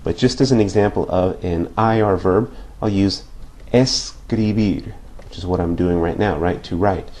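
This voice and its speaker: Low-voiced man teaching a grammar lesson. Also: fairly even intonation, normal speed, warm tone. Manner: patient, repeats points with frequent "okay?" checks. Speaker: Spanish teacher.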